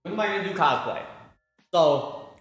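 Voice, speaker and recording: A man's voice: fairly high pitch, expressive, normal speed, creaky, roomy sound, faint music behind. A man streaming while he cooks, chatting casually with his viewers, rambling and repeating himself. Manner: rambling, repeats words, talks to chat between cooking. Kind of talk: casual chat with chat while cooking.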